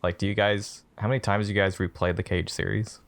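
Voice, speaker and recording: Curious man with a gravelly voice. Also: on the low side, little pitch movement, fairly quick. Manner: curious, asks questions. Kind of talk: casual podcast chat.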